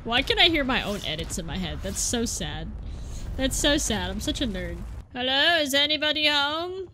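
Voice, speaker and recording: Bright, excitable young woman gamer. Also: high voice, moderate pace, slight background noise. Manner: excitable, exclaims and repeats words in bursts. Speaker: gaming YouTuber. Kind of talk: live gameplay commentary. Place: indoor room at home.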